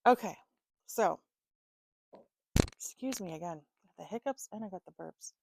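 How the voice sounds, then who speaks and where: A woman's voice: lowish voice, vocal fry, darkish tone, no echo. A woman giving a loose, chatty tarot reading to the viewer, full of fillers and casual swearing. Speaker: tarot reader.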